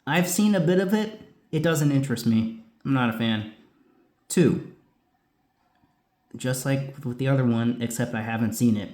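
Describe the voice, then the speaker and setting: A man casually chatting as a host answering viewer questions, rambling with lots of asides. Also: mid-range voice. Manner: lively, rambling, many asides. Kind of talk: casual chat. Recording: roomy echo.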